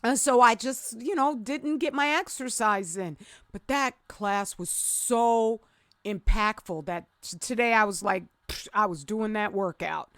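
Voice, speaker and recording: A middle-aged woman hosting a reaction commentary, talking emphatically and preachily, dropping to low murmurs and jumping to excited high exclamations. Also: a little slow, no echo, clean studio sound. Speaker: commentary video host.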